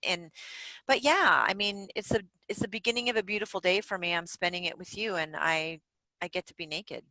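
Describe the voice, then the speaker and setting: A woman guest on a podcast, telling stories in a candid, animated way and swearing freely. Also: fairly low pitch, a little fast, no room sound, rough recording. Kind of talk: casual interview chat. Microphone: home recording setup.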